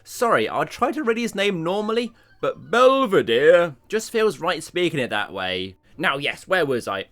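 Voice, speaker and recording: A man narrating a cartoon review video with animated, self-deprecating jokes. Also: fairly high pitch.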